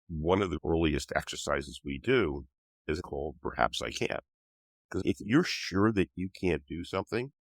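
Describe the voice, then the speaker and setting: An older man with a cold, speaking as a guest author in an interview, patiently explains his ideas in a teaching tone. His bass voice has a fairly bright tone, and the recording carries no room sound.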